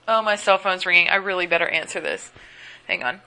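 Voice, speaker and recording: A woman's voice: fairly low pitch, sing-song, a little fast, pushed and bright. Chatty, gossipy young woman rambling at home. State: sleepy, yawning. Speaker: podcast host. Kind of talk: casual solo chat.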